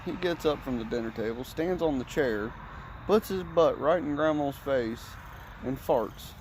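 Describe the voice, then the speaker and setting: A man with a medium-pitched voice speaks unhurriedly, captured in a low-quality recording with slight background noise. In casual storytelling, he rambles through family anecdotes, swearing freely and animatedly slipping into other people's voices.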